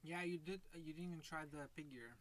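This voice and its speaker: A man's voice: a little high, fast, a bit bright, rough recording. A man with a Lithuanian accent co-hosting a podcast, teasing playfully while patiently coaching pronunciation. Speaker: podcast co-host. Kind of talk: casual chat.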